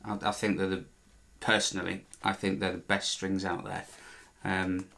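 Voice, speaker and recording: Chatty man, low voice. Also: monotone, normal speed, gravelly, pushed and bright. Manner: chatty, meandering, self-correcting, dry joking. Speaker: vlogger restoring a guitar. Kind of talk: casual talk while working.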